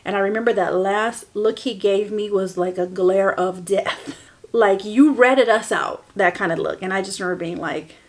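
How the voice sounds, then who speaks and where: A woman's voice: mid-range voice, steady tone, moderate pace. A woman in her forties hosting a personal podcast, telling her own story in a candid, emotional way. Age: 40s. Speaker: podcast host.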